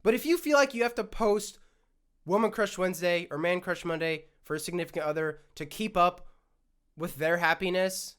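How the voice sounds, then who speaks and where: A man's voice: sits high, normal speed, a bit bright, smooth. A young man hosting a solo podcast, ranting in a worked-up way and swearing often, his throat scratchy and prone to coughing. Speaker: podcast host.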